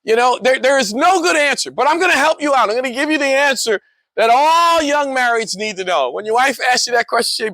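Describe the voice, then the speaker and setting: A middle-aged man telling joking stories in a casual monologue, animated, laughing often and repeating words. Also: extremely high pitch, fairly quick, no echo. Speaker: motorcycle vlogger.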